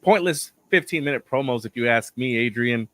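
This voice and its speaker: Hoarse, blunt man talking wrestling. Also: mid-range voice, lively intonation, moderate pace, a bit bright. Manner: blunt, opinionated. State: hoarse, losing his voice. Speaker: podcast co-host. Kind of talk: casual wrestling chat.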